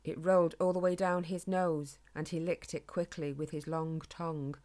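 A woman narrating a children's animal story in a gentle, measured way. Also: low voice, level tone.

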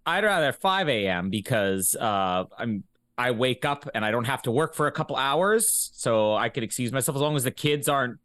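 A man in his thirties co-hosting a casual podcast chat, speaking in an easygoing, measured way. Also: mid-range voice, animated, fairly bright tone, no room sound. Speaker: podcast co-host.

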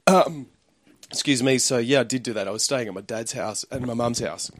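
A man's voice: mid-range voice, fairly quick, no room sound, studio quality. A man, a comedian rambling through anecdotes in casual chat and laughing often. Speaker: comedian guest.

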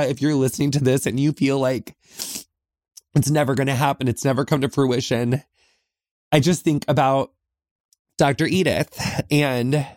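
A man's voice: mid-range voice, darkish tone, no echo, clean studio sound. Earnest reflective male podcast host. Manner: earnest, reflective, many pauses and restarts. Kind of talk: heartfelt solo podcast talk. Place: small closet.

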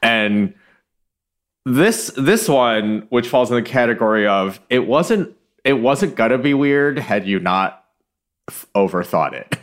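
A man's voice: medium pitch, lively intonation, takes it slowly. A man co-hosting a podcast in casual chat, rambling with restarts and laughing often. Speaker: podcast co-host.

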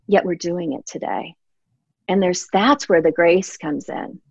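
In a reflective interview, a middle-aged author speaks earnestly and from the heart, frequently reenacting her own words from earlier times. Her fairly low voice is gravelly, darkish and slightly rough, and she speaks a little slowly. The dry, slightly dull recording has no room sound.

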